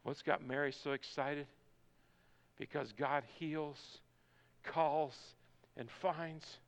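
A male pastor preaching a sermon, building from quiet talk to shouted, soaring lines. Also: on the high side, fairly even intonation, slow.

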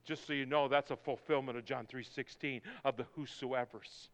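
A male pastor preaching a sermon, building from quiet talk to shouted, soaring lines. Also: medium pitch, steady tone, normal speed, muffled recording.

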